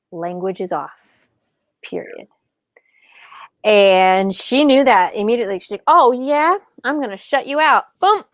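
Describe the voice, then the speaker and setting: A middle-aged woman telling her story in an animated, casual way as an interview guest, acting out quoted lines in a higher voice. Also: dry recording, clean studio sound. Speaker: podcast guest, author and speaker.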